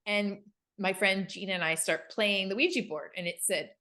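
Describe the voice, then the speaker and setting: Bright-voiced woman telling a story. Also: mid-range voice, moderate pace. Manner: animated, acts out quoted voices. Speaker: podcast co-host. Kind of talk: casual storytelling chat.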